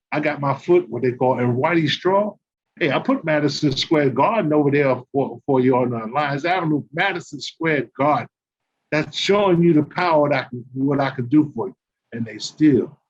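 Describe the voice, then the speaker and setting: An older man from New Jersey, a former pro basketball player and coach, telling his grievances as a guest in an emphatic, repetitive, aggrieved way. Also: a little high. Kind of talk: heated guest monologue. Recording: dull lo-fi call audio.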